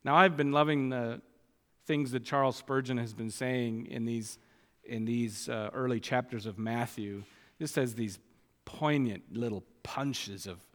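Man, preacher, expository sermon, slow and emphatic, long hall echo. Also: medium pitch, fairly bright tone. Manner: emphatic, slows down to stress key phrases.

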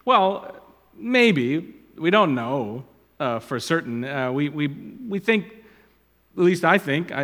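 A man preaching a sermon as a pastor, talking conversationally and wandering into asides that trail off quietly. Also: medium pitch, in a large hall.

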